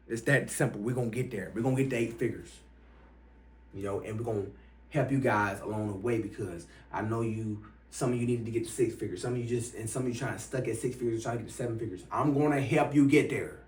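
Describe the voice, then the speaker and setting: A man giving a motivational money-mindset talk as an online business coach, swearing freely and punching key points louder. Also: mid-range voice, fast talker. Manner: profane, emphatic, bursts louder on key points. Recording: roomy, from some distance.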